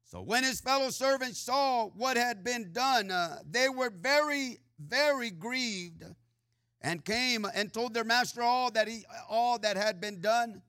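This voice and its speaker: Man preaching, high bright voice, unhurried delivery, frequent uh and amen asides, dry sound. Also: smooth, no echo. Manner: reads scripture aloud with sing-song swells. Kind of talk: sermon.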